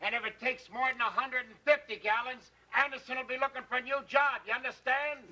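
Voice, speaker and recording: Brief: loud, sarcastic movie director, bright forceful voice. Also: male voice, fairly high pitch, expressive, normal speed, slight background noise. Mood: bluff. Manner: boisterous, laughing, sarcastic. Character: brash, boastful male film director. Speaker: film director.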